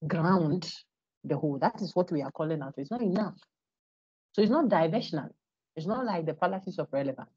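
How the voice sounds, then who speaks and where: A woman lectures over a video call, her low voice husky and mellow. She stresses points and keeps asking the class questions. The audio is dull and lo-fi. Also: no echo. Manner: emphatic, asks the class rhetorical questions. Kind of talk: online lecture. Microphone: computer microphone on a video call.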